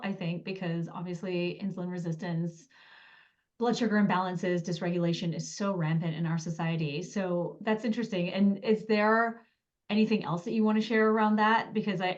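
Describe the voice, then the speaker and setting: A woman with a lower voice hosts a casual podcast interview. She agrees readily and nudges her guest along. Her sound comes through slightly muffled and dull. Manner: affirming, short agreeing replies. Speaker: podcast host.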